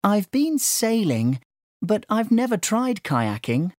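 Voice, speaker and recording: A woman voicing a curious young boy visitor, pitched up, slow and wide-eyed. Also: sing-song, darkish tone, dry recording, clean studio sound.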